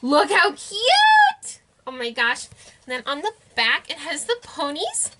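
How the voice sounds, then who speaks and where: A woman's voice: high-pitched, sing-song, moderate pace, very noisy. A young woman in a casual haul vlog, bubbly and giggly, gushing over toys she found. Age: young adult. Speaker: vlogger.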